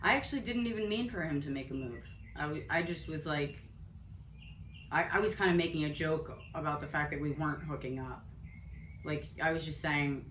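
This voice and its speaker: A woman's voice: low-pitched, expressive, moderate pace, reverberant, a little hiss or hum, low-quality recording. A woman in her thirties co-hosting a comedy podcast, talking bluntly and straightforwardly, often laughing. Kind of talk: casual comedic chat.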